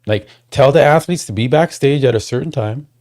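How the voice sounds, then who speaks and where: A man with an ordinary mid-pitched voice chats loosely to his livestream audience, trailing off and restarting as he goes. When something annoys him he jumps up in pitch and volume, ranting before settling back down. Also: brisk. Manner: rambling, restarts, talks to chat; gets worked up and loud when complaining. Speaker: livestream host. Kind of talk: casual livestream chat.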